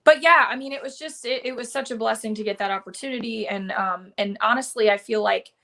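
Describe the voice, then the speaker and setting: A woman's voice: fairly high pitch, brisk, vocal fry, sharp tone. A woman, a country singer, talking casually in a live interview over a video call, with lots of fillers and restarts. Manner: chatty, many fillers and restarts. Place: home in Nashville, live stream.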